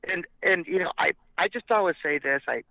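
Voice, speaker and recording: This rock band frontman, from Montebello, California, has a high-pitched, creaky voice and talks a little fast. Telling stories as an interview guest, he mimics quoted voices and swears casually. The recording has no room sound and its highs are cut off.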